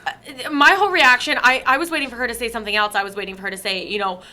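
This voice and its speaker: A bright, fairly high voice belongs to a young woman on a podcast. She retells stories with lively, acted-out quotes, her tone easy and chatty. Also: rapid-fire. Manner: animated retelling, acts out quoted dialogue. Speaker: podcast co-host. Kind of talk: casual storytelling chat.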